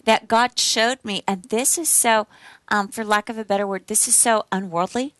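A woman's voice: mid-range voice, fairly even intonation, normal speed, a bit bright, dry recording. A woman hosting a faith-based interview, a supportive listener who affirms often and reflects back.

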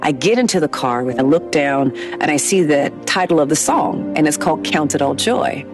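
A woman's voice: sits low, animated, moderate pace. A woman giving an earnest, reflective personal testimony in an interview. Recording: music bed underneath.

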